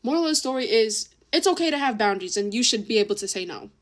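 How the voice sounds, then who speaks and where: A woman's voice: a little high, lively intonation, quick pace. A young woman telling a story in a casual, chatty way, swearing often and acting out what people said. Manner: chatty, swears a lot, acts out quoted voices. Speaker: vlogger.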